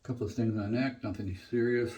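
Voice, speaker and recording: A middle-aged man chatting casually through a shave review in his home bathroom, relaxed and full of fillers. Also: medium pitch, fast talker, highs cut off. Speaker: shaving vlogger.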